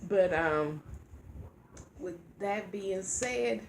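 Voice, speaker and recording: A woman's voice: medium pitch, drawn-out words, darkish tone, slight background noise. A middle-aged woman vlogging in a rambling, heartfelt way about faith and everyday life. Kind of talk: casual chat.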